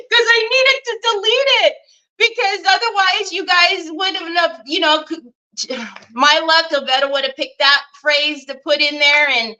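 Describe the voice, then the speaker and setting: A middle-aged woman, hosting a craft livestream in excitable, chatty talk to her viewers. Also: extremely high pitch, measured pace, rough recording. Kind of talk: casual livestream chat.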